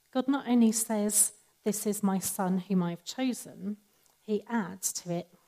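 A woman giving a sermon in a calm, measured, conversational teaching manner. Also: medium pitch, poor audio. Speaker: preacher.

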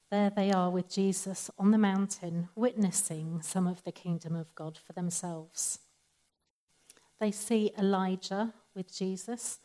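A woman giving a sermon in a calm, measured, conversational teaching manner. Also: mid-range voice, low-quality recording. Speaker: preacher.

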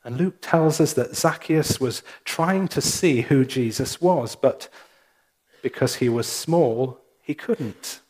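Male minister preaching real slow, middle pitch, lots of pauses. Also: darkish tone. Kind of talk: sermon. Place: church.

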